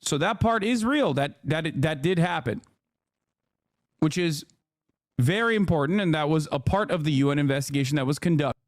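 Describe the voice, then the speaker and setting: A man streaming live, reacting to a clip and arguing his point in a heated, sarcastic way with quick restarts and fillers. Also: fairly high pitch, animated. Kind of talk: casual stream commentary.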